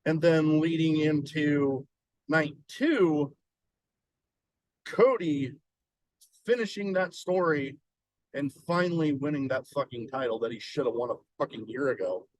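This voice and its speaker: A man co-hosts a casual podcast, thinking aloud in a slow, halting way with the odd curse word. His voice sits a bit high, and the recording is dry and close. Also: dry recording, low-quality recording. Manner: musing, hesitant, swears casually. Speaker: podcast co-host. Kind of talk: casual chat.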